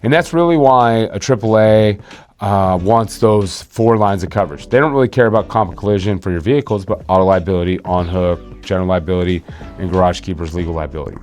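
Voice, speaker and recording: A man with a fairly low voice talks through insurance coverage like he's chatting with a client. He leans on fillers and restarts his sentences. Faint music sits under the voice. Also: fast talker, a little mellow. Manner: conversational, with many fillers and restarts. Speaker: insurance agent hosting a video series. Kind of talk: casual explainer talk.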